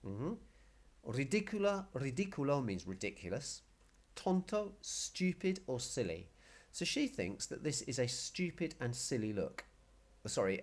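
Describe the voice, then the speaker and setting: A man teaching a casual Spanish lesson, patiently explaining and repeating words. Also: medium pitch. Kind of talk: casual video language lesson.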